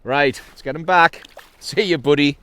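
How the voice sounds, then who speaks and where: A slightly high, somewhat bright and smooth voice belongs to this middle-aged Geordie angler from North East England, recorded with no echo. Hosting his channel, he chats cheerfully about sea fishing from his kayak, punctuating it with laughs and exclamations.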